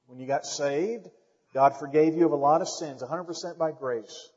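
A man preaching a sermon as pastor, emphatic and building to loud points, calling out to the congregation. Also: fairly high pitch, normal speed, slightly rough. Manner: calls out to the congregation. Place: church sanctuary. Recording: dull lo-fi sound with long hall reverb.

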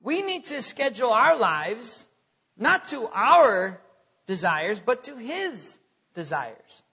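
A man's voice: very high-pitched, very animated, slow pace, bright, forceful tone, breathy edge. A middle-aged man preaching a sermon in a conversational way, repeating words and chuckling between points. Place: church hall. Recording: lo-fi recording in a reverberant hall.

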